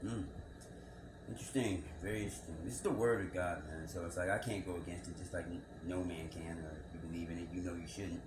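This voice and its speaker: Deep-voiced man musing over scripture. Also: steady tone, fast. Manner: musing, rhetorical questions, repeats words. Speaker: scripture commentator. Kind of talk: reflective bible commentary monologue. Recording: echoey room with background noise.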